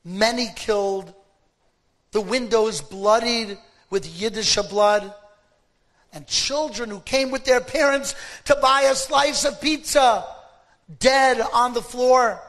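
A rabbi gives a sermon, telling a story in a dramatic and emphatic way. His voice sits quite high for a man. He moves slowly, letting each phrase land. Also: fairly bright tone.

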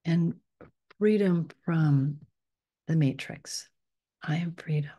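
A woman, a spiritual teacher, leading a guided meditation in a soft, unhurried voice that often drops to a whisper on affirmations. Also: low-pitched.

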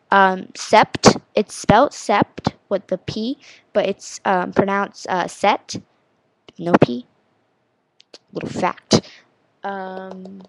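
A teenage girl talking to her camera in a slow, rambling way, giggling at herself and sounding words out over and over. Her voice has a gravelly, fried edge, and the sound is dry and close with no room around it. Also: mid-range voice, no echo. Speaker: vlogger. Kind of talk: casual vlog chat.

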